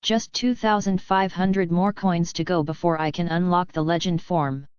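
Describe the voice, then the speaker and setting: A woman's voice: fairly low pitch, steady tone, moderate pace, a little mellow, clean tone, no echo, lightly acted. A woman voicing a brash, theatrical young man who declaims grandly. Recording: dull lo-fi audiobook audio.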